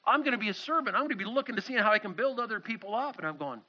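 A man's voice: sits high, animated, racing, bright, forceful tone. A middle-aged man, a pastor, preaching a sermon in a church and acting out quoted voices with animation. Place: church sanctuary. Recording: slightly dull lo-fi sound.

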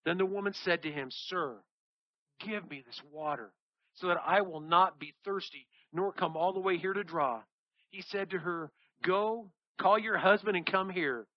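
A man preaching a sermon, reading scripture and acting out the people in the story with animated delivery. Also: high-pitched, moderate pace, no room sound, highs cut off. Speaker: pastor.

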